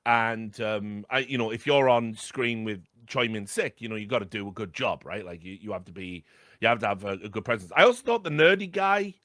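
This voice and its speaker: A man's voice: on the low side, animated, brisk, fairly bright tone, no echo, clean studio sound. A man co-hosting a podcast, chatting about a film in a rambling way with lots of ums. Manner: rambling, hesitant, many fillers. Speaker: podcast co-host. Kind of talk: casual film discussion.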